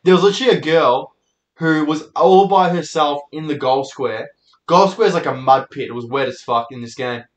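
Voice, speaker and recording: On his own show, the young Australian host and comedian rambles through casual, swear-laden stories alone. His voice is a little high and moderately paced, with reverberant, poor-quality audio.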